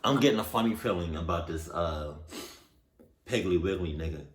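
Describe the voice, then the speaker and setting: A man's voice: low voice, moderate pace. Laid-back man reacting in slangy chat. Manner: loose, slangy and conversational. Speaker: reaction video host. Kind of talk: casual reaction commentary. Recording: roomy echo.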